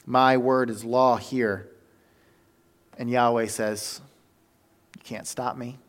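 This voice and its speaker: Male preacher, mid-pitch, animated storyteller, casual sermon delivery. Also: slow. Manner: animated storytelling with fillers and self-corrections.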